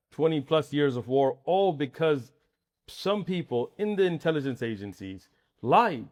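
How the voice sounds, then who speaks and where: Man, interviewer, mid-range pitch, agreeable, prompting questions. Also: darkish tone.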